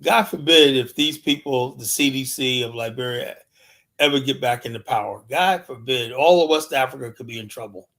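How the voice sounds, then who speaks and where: Here a man runs a live stream, chatting casually and spinning stories in a mid-range, slightly bright voice at normal speed. Fillers like "and whatnot" crop up constantly, all captured on a streaming mic.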